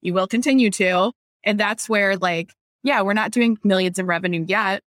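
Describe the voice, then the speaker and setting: A woman's voice: medium pitch, normal speed, no room sound, studio quality. Chatty woman hosting a business podcast. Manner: chatty, animated, acts out quotes. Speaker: business owner and podcast host. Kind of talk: casual podcast chat.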